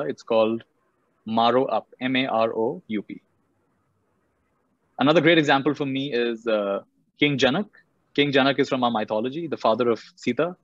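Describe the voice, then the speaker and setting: Male speaker with Indian English accent, quick animated storytelling talk; muffled recording. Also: medium pitch, no room sound. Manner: animated, acts out characters. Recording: dull muffled audio.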